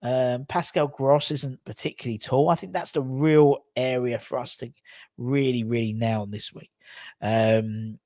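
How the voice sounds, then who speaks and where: A man hosting a live football fan show, chatting casually, animated and sweary, reading viewer comments aloud. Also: medium pitch, unhurried, no echo, clean studio sound. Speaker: fan channel host. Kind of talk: casual live matchday chat.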